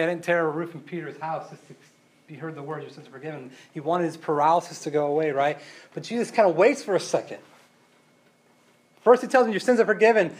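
A man preaching a casual sermon, full of rhetorical questions and tag questions, moving between loud emphasis and quiet asides. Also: a little high. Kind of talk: conversational sermon.

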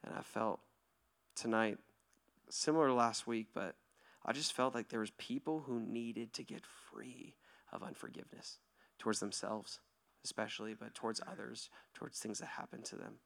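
A pastor in his thirties giving a sermon to his church, lively and joking at first, then soft and hushed as he leads a quiet prayer. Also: fairly low pitch, moderate pace, creaky. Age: 30s. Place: church hall.

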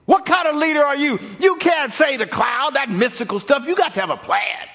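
A man playing a panicked crowd of Israelites shouting accusations at their leader. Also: very high voice, expressive, moderate pace, voice pushed up, full character voice.

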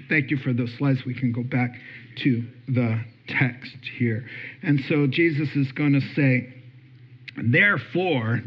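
A man preaching with a slightly high, lively voice that climbs when he acts out anxious voices. The sound is dull and lo-fi, as if from a radio broadcast. He talks in a conversational, teaching way and keeps asking "right?". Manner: animated, acts out worried voices, chuckles between points. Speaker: pastor. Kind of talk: sermon.

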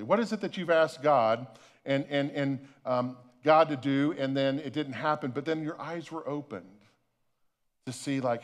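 A man preaching a sermon, retelling a story dramatically with repeated words and big swings in loudness. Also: a little high. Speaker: pastor.

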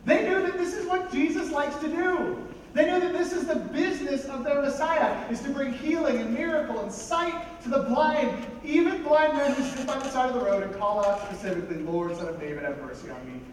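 A high-pitched man preaching a lively, conversational sermon and throwing questions out to the congregation. He is picked up from a distance in a large church hall with heavy echo, long reverb and clear background noise. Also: normal speed. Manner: conversational, animated, asks the audience questions. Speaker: pastor.

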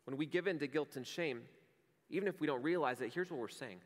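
A man's voice: fairly high pitch, fast talker. A male pastor delivering a sermon in an earnest, conversational way, telling vivid everyday stories. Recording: long hall reverb.

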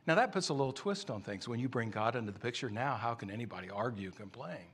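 A man's voice: mid-range voice, fast talker, hardly any pauses, a bit bright. A man preaching a sermon, telling a story in a conversational way.

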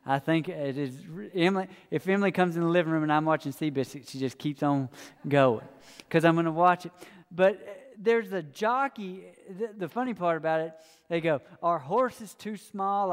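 A man delivers a sermon in a fairly high voice. He speaks in a folksy, storytelling way, talking straight to the congregation. His voice carries a long reverb from a large church hall. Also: moderate pace, clean tone. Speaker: pastor.

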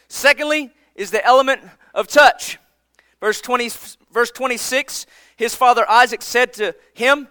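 A man preaching a sermon, earnest and emphatic, often dropping his voice low for effect. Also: lively intonation, moderate pace, sharp tone, clear, resonant tone, no echo. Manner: earnest, emphatic preaching with dramatic drops in volume.

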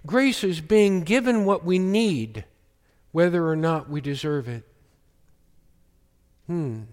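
A man preaching in a church, speaking slowly with emphatic, measured phrasing. His voice sits a little high for a man. The sound carries a long reverb from the hall. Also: a little mellow. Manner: slow, emphatic preaching with quoted scripture. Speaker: pastor. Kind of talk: sermon.

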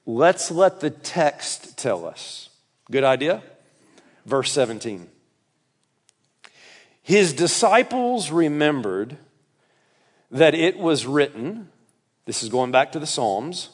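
Southern guy preaching, high voice, gets loud then goes quiet, cracks jokes. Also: very animated, takes it slowly, pauses often, husky. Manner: emphatic, jokey, swings between loud and soft. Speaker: pastor. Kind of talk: sermon.

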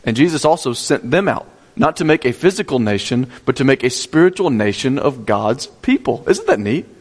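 A man's voice: medium pitch, big pitch swings, moderate pace, breathy edge, long reverb tail. A male pastor preaching a sermon, teaching step by step, repeating key points and asking the congregation questions.

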